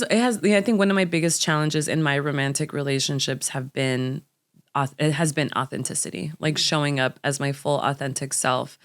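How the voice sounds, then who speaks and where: A woman's voice: low-pitched, fairly even intonation, fairly quick. A young adult woman from the United States, a podcast guest speaking candidly and reflectively about personal experience. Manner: reflective, openly personal storyteller.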